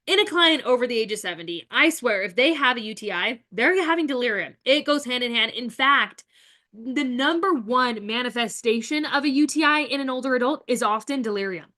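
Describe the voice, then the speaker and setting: Bright-voiced chatty nurse educator woman. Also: on the high side, expressive, fairly quick. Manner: chatty, encouraging, addresses viewers as guys. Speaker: nurse educator hosting a webinar. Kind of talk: live webinar lecture.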